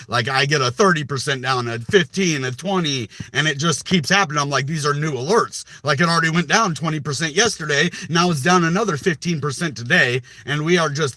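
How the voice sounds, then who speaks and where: A man's voice: medium pitch, bright, forceful tone, no room sound. A young man hosting a crypto video channel, ranting passionately with rhetorical questions and repeated words. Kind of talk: emphatic crypto commentary to camera.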